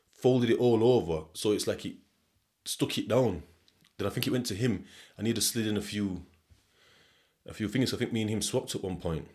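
A young podcast host from Sheffield, England, speaks in a low, slightly mellow voice with a Sheffield accent. His monologue is loose and rambling, full of free swearing and frequent chuckles.

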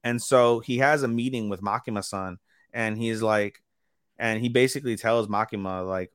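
A man co-hosting a podcast, telling a rambling, animated recap that quotes characters and swears freely. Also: fairly low pitch, moderate pace, smooth, dry recording, studio quality. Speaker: podcast co-host. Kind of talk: casual chat recapping anime.

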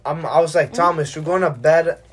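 A young adult podcast host telling a profane, animated anecdote in casual chat with friends. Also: mid-range voice, brisk, slight background noise.

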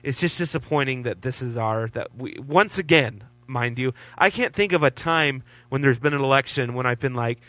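A man's voice: mid-range voice, moderate pace, hardly any pauses, fairly bright tone, no echo. A man co-hosting a podcast, chatting about politics in a laid-back, hesitant way with many fillers. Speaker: podcast co-host. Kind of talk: casual political chat.

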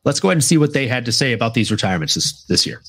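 A man's voice: mid-range voice, lively intonation. A man co-hosting a fan awards show, chatting casually with lots of fillers. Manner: laid-back, filler-heavy, drawn-out phrasing. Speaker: podcast co-host. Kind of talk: casual chat.

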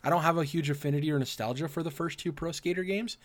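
A man hosting a casual gaming podcast, his throat rough and raspy from acid reflux, leading segments and asking his co-hosts questions. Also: on the high side, fast. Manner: runs the segments, asks the panel questions. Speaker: podcast host.

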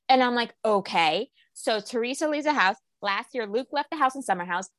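A young woman co-hosting a podcast, chatting casually and animatedly about reality TV, her pitch jumping up when she quotes people. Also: lively intonation, fairly quick, hardly any pauses, no echo. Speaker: podcast co-host.

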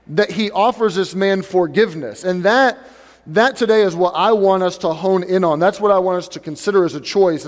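A man with a high voice preaches a sermon and talks straight to his congregation. His voice rings out with the long reverb of a large church hall. He preaches in a relaxed, conversational way. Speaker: pastor. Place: church sanctuary.

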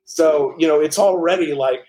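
A man telling animated stories as the author and guest in a casual interview, with many restarts. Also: on the high side, normal speed, rough recording.

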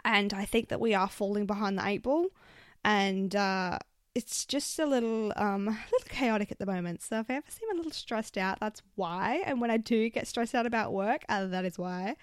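A young woman with an Australian accent telling stories on her solo podcast, swearing freely and getting animated as she vents. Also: medium pitch, normal speed, dry recording, studio quality. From South Australia. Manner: swears often, animated when venting. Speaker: podcast host. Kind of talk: casual solo podcast storytelling.

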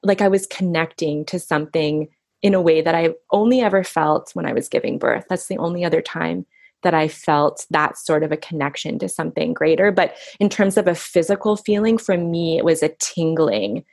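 A middle-aged woman speaking softly and reflectively in an intimate interview, often pausing and restarting her sentences. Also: low-pitched, fairly even intonation, vocal fry, dry recording, studio quality. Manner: soft, reflective, halting with restarts. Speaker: guest recounting her husband's death.

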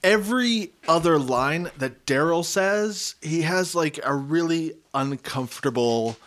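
A man's voice: fairly high pitch, lively intonation, measured pace, a bit bright. A man co-hosting a podcast, recapping a TV episode in casual chat, joking and laughing often. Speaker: podcast co-host.

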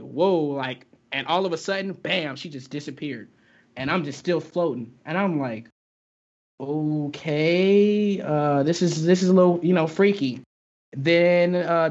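Young man telling a tale in lo-fi sound. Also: a little high. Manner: halting, heavy with fillers and restarts. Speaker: guest telling his own experience. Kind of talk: casual storytelling. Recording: dull lo-fi recording.

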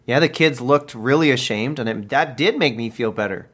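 A man's voice: mid-range voice, normal speed, fairly bright tone. A man co-hosting a comedy podcast, ranting indignantly in a petty, blunt way. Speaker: podcast co-host.

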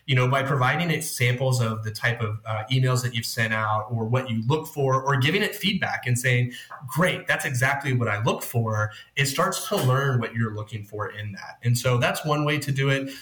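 A man's voice: medium pitch, normal speed, hardly any pauses, a bit bright, echoey room. A man speaking as the guest expert in a podcast interview, explaining things patiently with homely analogies. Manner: explanatory, leans on food analogies. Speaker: guest expert on workplace tech.

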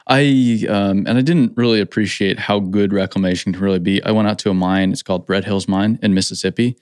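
An upbeat, low-voiced man hosts a casual podcast chat with real enthusiasm. He leans on "like" a lot, and the recording is dry and close. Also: fairly even intonation, brisk, a little mellow, no room sound. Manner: enthusiastic, upbeat, says "like" often.

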